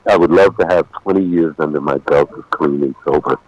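A man in his sixties speaks by phone, his voice extremely low and golden. His speech is halting, full of pauses and fillers. The sound is very dry and close. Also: darkish tone, no echo, lo-fi sound. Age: 60s. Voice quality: deep golden voice. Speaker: guest on a radio show. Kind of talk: casual interview over the phone.

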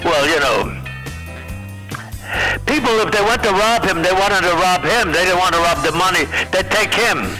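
An older comedian telling a rambling anecdote in an old interview clip, acting out the other people in it. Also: male voice, sits high, normal speed, sharp tone, faint music behind, rough recording. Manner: rambling storyteller who acts out others' voices and laughs. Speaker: comedian guest telling a story.

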